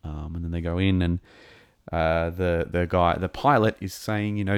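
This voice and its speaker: A man's voice: deep voice, steady tone, normal speed, smooth, no echo. A man recapping a show episode in a casual, rambling and enthusiastic way, with lots of ums and restarts. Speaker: show reviewer.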